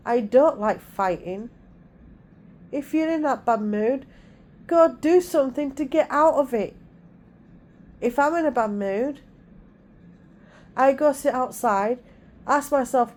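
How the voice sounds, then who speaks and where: A middle-aged woman and mother talking casually in a home vlog, with a calm, soothing way of speaking. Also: a little high, slow pace, long pauses. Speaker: vlogger and mother.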